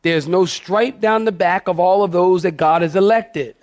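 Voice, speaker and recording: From the pulpit, a male pastor delivers a full sermon at normal speed in a high-pitched voice. His lively, animated style keeps pressing the congregation to respond along the way.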